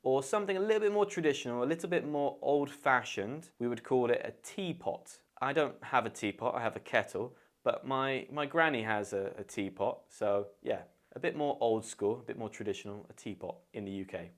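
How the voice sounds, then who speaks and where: A man's voice: medium pitch, fairly quick, hardly any pauses. A man with a British accent explaining English words in a chatty, playful way as an English teacher.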